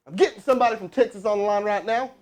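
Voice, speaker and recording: Guy with a higher voice doing cold calls in an office, hyped up, lots of ums and restarts. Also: very fast, a little hiss or hum. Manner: energetic, rambling, full of fillers. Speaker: host making live sales cold calls. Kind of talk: casual phone sales talk and coaching.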